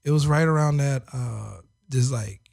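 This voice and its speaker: A man's voice: mid-range voice, moderate pace, gravelly, a little mellow. Laid-back man telling studio stories. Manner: laid-back, heavy use of "like", laughs often. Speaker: audio engineer and producer. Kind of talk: casual storytelling chat.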